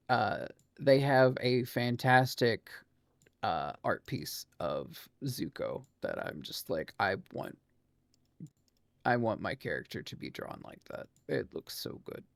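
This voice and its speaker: In a gravelly voice, a male streamer offers casual gameplay commentary, speaking slowly but with a lively, swinging pitch. He laughs a lot and swears casually, and the studio sound is clean with no room sound.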